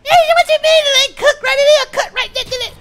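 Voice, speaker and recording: A man imitating his argumentative mother in a loud, indignant voice. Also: very high-pitched, moderate pace, pitched above the performer's own voice. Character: his scolding, argumentative middle-aged mother.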